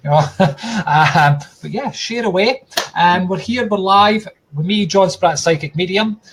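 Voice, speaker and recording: A man's voice: high-pitched, unhurried, fairly bright tone, a little hiss or hum. A Scottish man hosting a casual live stream, chatty, jokey and self-mocking.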